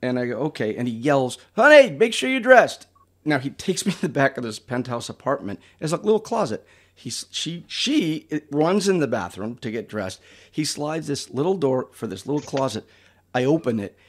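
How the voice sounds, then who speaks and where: A man's voice: mid-range voice, lively intonation, normal speed. A man hosting a podcast, telling anecdotes in a chatty way and acting out the people he quotes. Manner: chatty storyteller, acts out quoted voices. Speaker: podcast host. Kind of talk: casual podcast conversation.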